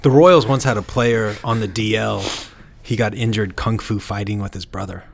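A man's voice: lowish voice, steady tone, moderate pace, creaky. A man co-hosting a podcast in casual chat, with dry, teasing banter. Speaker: podcast co-host.

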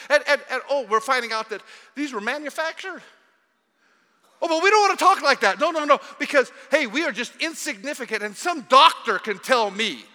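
In a reverberant church hall that lends a long echo, a man with a high, very bright voice gives a sermon as pastor. He alternates soft asides with loud, mocking jabs.

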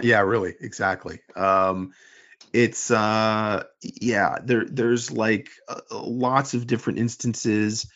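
A man co-hosting a casual sports podcast, rambling animatedly and mimicking fans as he talks. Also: on the low side. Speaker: podcast co-host and forum moderator. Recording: dull lo-fi sound.

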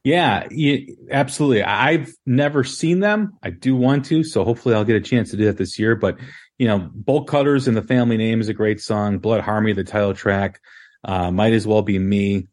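A man hosting a casual music podcast, talking in a relaxed, rambling way with many ums and restarts. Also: fairly low pitch, brisk. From Chicago area. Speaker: podcast host.

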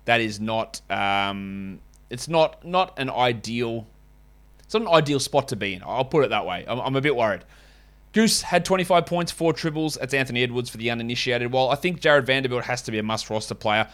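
A man's voice: medium pitch, expressive, a little fast, a bit bright, clean tone. Man, podcast host, casual and wry, rambling asides. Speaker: fantasy basketball podcast host. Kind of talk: casual podcast chat and host-read ads.

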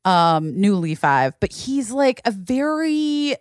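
A woman in her forties tells a story on a podcast with a lively, wide-ranging voice that swings up and down as she laughs and swears her way through it. The sound is close and dry, with no room around it. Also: slow, dry recording. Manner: animated storyteller, doing high childlike voices for her nephew; laughs often, swears freely. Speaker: podcast host. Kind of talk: casual chat.

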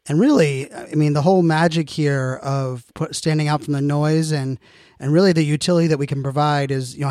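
A man's voice: on the high side, a little mellow, no echo, clean studio sound. A man hosting his own podcast, speaking in an earnest, motivational monologue with frequent fillers and restarts. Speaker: podcast host.

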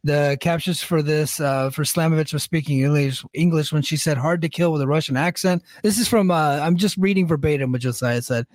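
A man hosting a casual wrestling recap podcast, relaxed, laughing often and swearing. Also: on the high side, a little fast, hardly any pauses, no room sound, studio quality. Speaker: podcast host recapping a show.

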